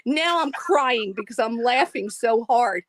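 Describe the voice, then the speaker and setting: High-voiced woman telling a funny story. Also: unhurried, no echo. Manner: animated, laughing storyteller. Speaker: live stream caller. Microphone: video call.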